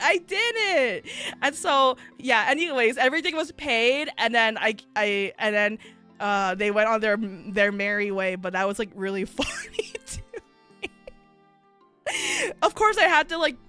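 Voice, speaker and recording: A woman VTuber telling stories in casual chat, animated and full of fillers, acting out the people in them. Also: fairly high pitch, moderate pace, smooth, faint music behind. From United States. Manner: animated, filler-heavy, acts out voices in stories. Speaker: VTuber streamer.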